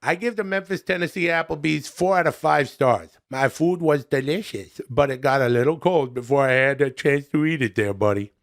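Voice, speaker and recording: Man doing a goofy gravelly comedian voice. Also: fairly high pitch, moderate pace, few pauses, natural voice. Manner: ends lines with "pal" and "buddy". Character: goofy middle-aged male comedian reviewing restaurants. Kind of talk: comedic impression.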